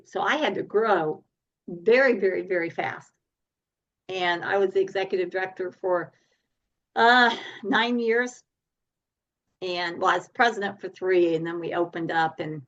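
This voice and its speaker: Woman coach as podcast guest, animated storyteller; dull remote-call sound. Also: lowish voice. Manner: animated, laughs often while telling stories.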